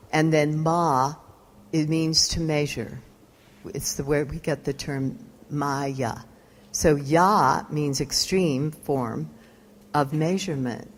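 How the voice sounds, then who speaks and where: A woman's voice: deep voice, slight background noise. A woman yoga teacher giving a live lecture, explaining terms and putting questions to her audience. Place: retreat lecture room.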